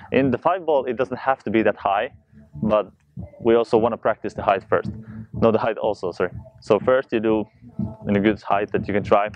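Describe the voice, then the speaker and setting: A man teaching a juggling tutorial, talking fast and loosely while he demonstrates. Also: lowish voice, lo-fi sound, a little hiss or hum. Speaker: juggling instructor. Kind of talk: casual spoken tutorial.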